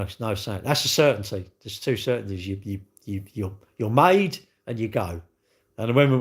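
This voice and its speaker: A British man in his fifties, a used car dealer, rambling bluntly and swearing in a casual live-stream chat. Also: lowish voice.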